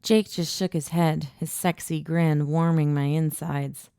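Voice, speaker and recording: A woman narrating a first-person audiobook in an even, intimate storytelling voice, recorded close in a booth. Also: deep voice, a little slow, gravelly, clear, resonant tone, dry recording.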